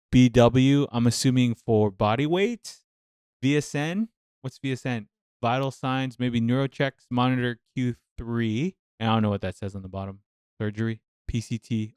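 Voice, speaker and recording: Male nurse, casual reaction vlogger; resonant voice, mid pitch, vents and repeats himself when fired up. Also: smooth, dry recording, studio quality. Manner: passionate, venting, thinks aloud with repeated phrases.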